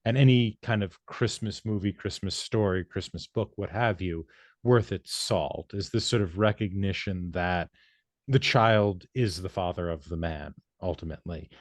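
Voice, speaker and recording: A man's voice: deep voice, normal speed, no room sound. A man co-hosting a podcast, explaining ideas in a thoughtful, casual way. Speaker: podcast co-host. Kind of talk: casual chat.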